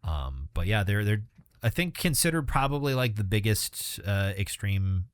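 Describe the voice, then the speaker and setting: A man's voice: lowish voice, big pitch swings, normal speed, no room sound, clean studio sound. A man co-hosting a podcast, talking casually and rambling with fillers and restarts. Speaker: podcast co-host. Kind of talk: casual chat.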